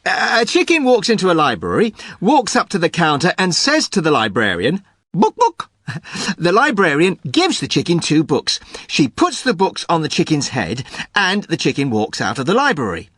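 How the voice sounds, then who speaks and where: A man's voice: fairly high pitch, wildly swooping pitch, moderate pace, fairly bright tone, no room sound. A man, the show's producer, telling jokes on a scripted podcast with playful storytelling voices.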